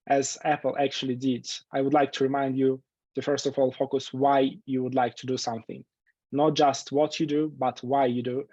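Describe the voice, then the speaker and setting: A man moderating an online webinar, talking earnestly in a flat, level tone. His voice sits dark and mellow, and the audio is dry and muffled like a low-fidelity online stream. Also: no room sound. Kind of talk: introductory remarks at an online webinar.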